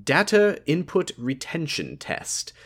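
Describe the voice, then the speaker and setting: A man co-hosting a casual podcast, recapping a movie in a laid-back, swearing way and reading its lines in flat mocking voices. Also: fairly high pitch, slow pace. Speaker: podcast co-host. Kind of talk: casual chat recapping a film.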